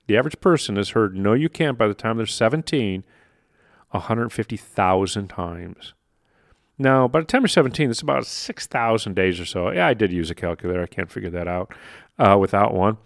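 A man's voice: on the low side, creaky, no room sound, studio quality. A man hosting a motivational podcast, talking animatedly and acting out inner voices, laughing at himself now and then. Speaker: podcast host. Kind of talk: motivational solo podcast talk.

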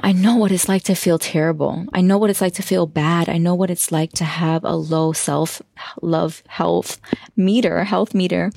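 A woman's voice: on the low side, vocal fry, darkish tone, dry recording, studio quality. A woman hosting a self-love coaching podcast, talking in an effusive, emotional way and laughing often. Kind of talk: heartfelt podcast monologue.

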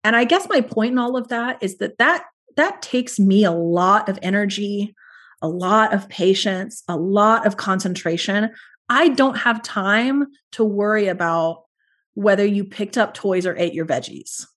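A woman's voice: medium pitch, unhurried, a bit bright. A woman speaking as a podcast guest, earnest and reflective, talking through her parenting in long flowing thoughts. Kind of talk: podcast interview conversation.

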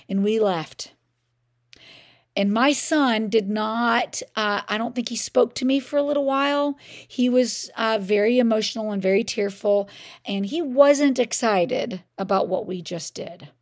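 Podcast host, middle-aged woman: gravelly vocal fry, mid pitch, relaxed conversational storyteller. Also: normal speed. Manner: conversational, frequent "I mean" and "like". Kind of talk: personal storytelling.

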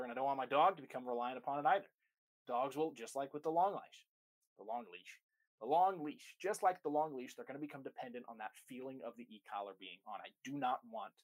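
Emphatic man teaching dog training. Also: medium pitch. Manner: emphatic, repeats key phrases. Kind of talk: instructional talk to camera.

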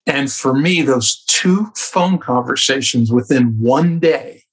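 A man speaking as a podcast guest, a communication coach who tells reflective stories from his work and becomes animated at times. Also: mid-range voice, takes it slowly. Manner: reflective, anecdotal, animated in places. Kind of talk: conversational storytelling.

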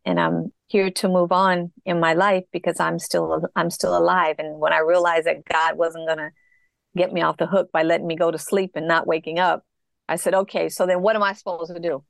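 A woman's voice: fairly low pitch, flat delivery, creaky, no echo, studio quality. A middle-aged woman telling her personal story as an interview guest, reflective and earnest. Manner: reflective, earnest, slow in places.

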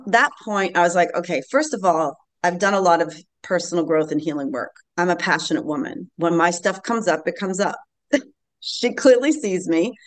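Brief: woman, late fifties, podcast guest, earnest storyteller, slightly low voice. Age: late 50s. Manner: earnest, animated storytelling with frequent laughs. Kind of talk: casual interview storytelling.

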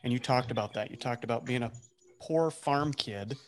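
Podcast host guy, mid-range voice, thinking out loud, bit of faint noise. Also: medium pitch, normal speed. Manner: reflective, with many fillers and restarts. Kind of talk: casual interview.

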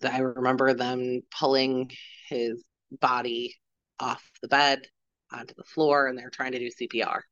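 A woman in her forties, a podcast guest, telling a personal story in a halting way, retelling what people said. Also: extremely low pitch, flat delivery, fairly bright tone, dry recording, lo-fi sound. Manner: halting, retells dialogue with "I'm like".

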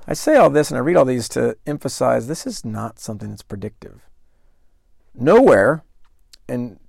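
A man with a gravelly, creaky edge to his voice hosts a solo investing podcast. He talks in a conversational, emphatic way and stops to quiz the listener. The sound is dry and close, with no room around it. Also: medium pitch, darkish tone, no room sound. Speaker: podcast host.

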